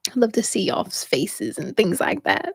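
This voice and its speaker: A woman's voice: medium pitch, very animated, unhurried, slightly rough, no room sound, clean studio sound. A young woman hosting a spiritual reading livestream, chatting casually with viewers and laughing often.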